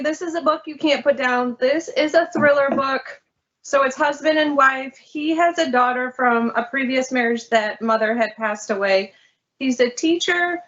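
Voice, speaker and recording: Casting note: high-pitched woman librarian, eager storyteller, muffled lo-fi sound. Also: a bit bright. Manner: chatty, enthusiastic storyteller. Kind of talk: casual book talk. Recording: lo-fi muffled audio.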